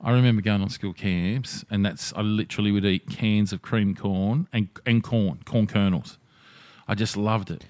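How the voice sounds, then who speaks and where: A man co-hosting a casual podcast chat, blunt, excitable and quick to swear. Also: fairly low pitch, dry recording. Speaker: podcast co-host.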